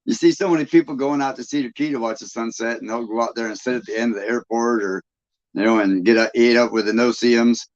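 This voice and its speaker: A man from Michigan hosts a casual live stream, rambling in a folksy way and laughing often. His voice sits in a middle pitch. The sound is dull and lo-fi. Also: fairly even intonation, fast talker. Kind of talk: casual chat with viewers.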